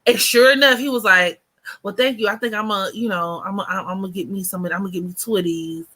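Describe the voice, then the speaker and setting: Young woman vlogger with a bright, forward voice, gabby storytime energy. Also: medium pitch, fast talker. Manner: chatty and animated, heavy on fillers, addresses viewers as y'all. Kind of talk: casual storytime chat.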